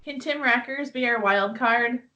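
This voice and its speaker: A woman co-hosting a podcast, playful and quick to laugh in casual banter. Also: a little high, pushed and bright, muffled recording. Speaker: podcast co-host.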